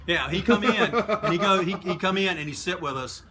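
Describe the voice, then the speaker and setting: A middle-aged man, a guest author, telling profane, animated anecdotes in a casual interview over a video call. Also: high voice, brisk, slight background noise.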